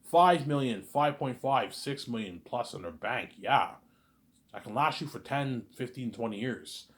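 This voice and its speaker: A man rambling in a casual monologue, animated and repetitive, arguing with an imagined listener. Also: mid-range voice, a little slow. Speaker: vlogger.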